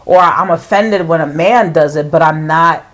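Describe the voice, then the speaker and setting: A woman in a casual podcast chat, frank and expressive, acting out what she would say. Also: sits low, moderate pace, rough recording. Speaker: podcast co-host.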